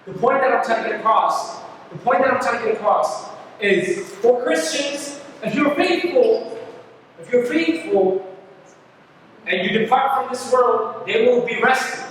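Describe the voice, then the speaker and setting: A man's voice: extremely high pitch, expressive, measured pace, fairly bright tone. A man leading a casual Bible study for a church youth group, chatty and rambling, with many fillers and asides to his listeners. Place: church hall. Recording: echoey hall from far off, noisy.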